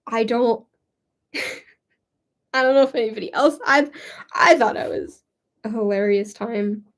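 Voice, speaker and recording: Young woman YouTuber, slightly high voice, giggly and self-mocking, loose and rambling casual chat while she quilts. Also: slow. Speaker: crafting YouTuber.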